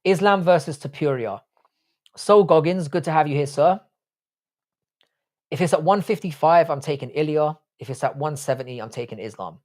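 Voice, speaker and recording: A man's voice: fairly high pitch, moderate pace, darkish tone. A young man, Irish-born and London-raised, hosts a casual livestream. He talks bluntly and swears freely while reacting to viewers' comments. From Ireland. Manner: blunt, profane, chatty. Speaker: livestream host. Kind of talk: casual live chat reading comments.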